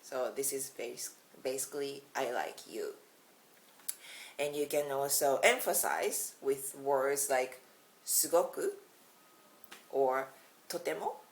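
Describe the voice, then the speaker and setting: A woman's voice: rumbling low, lively intonation, slow, long pauses, low-quality recording. A Japanese woman with a Japanese accent, teaching a casual video lesson in a chatty, giggly way. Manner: chatty, giggly, self-deprecating. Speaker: language teacher.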